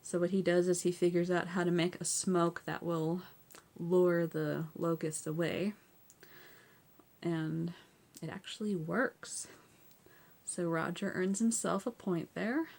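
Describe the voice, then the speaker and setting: Chatty woman with a low, gravelly voice. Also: steady tone, takes it slowly, darkish tone. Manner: chatty, laughs often, lots of "like" and "so yeah". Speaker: TV episode recap host. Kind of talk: casual recap and review.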